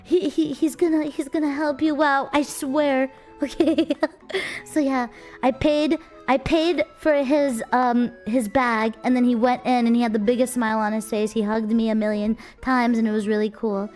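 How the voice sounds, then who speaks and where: A young woman with a notably high voice tells a story in an animated, casual streamer style. She keeps checking in with her listeners, and faint music plays behind her. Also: normal speed. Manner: animated, chatty, checks in with "right?".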